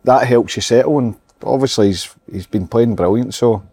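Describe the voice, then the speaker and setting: A Scottish man on a football podcast, talking in a measured, agreeable way. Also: mid-range voice, mellow, husky. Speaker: podcast panelist. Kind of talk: casual football chat.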